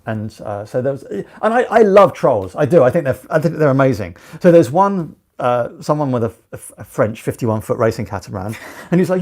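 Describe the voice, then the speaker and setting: A man co-hosting a live stream, chatting casually and telling animated, joking stories. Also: mid-range voice, fairly quick. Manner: animated, jokey, rambling storyteller. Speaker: sailing vlog co-host.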